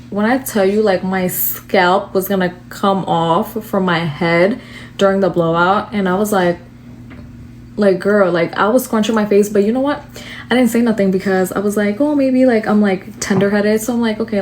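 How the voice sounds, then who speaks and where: A woman's voice: mid-range voice, a little mellow, slight background noise. A young woman tells a storytime to the camera in an exasperated rant, with lots of swearing and fillers.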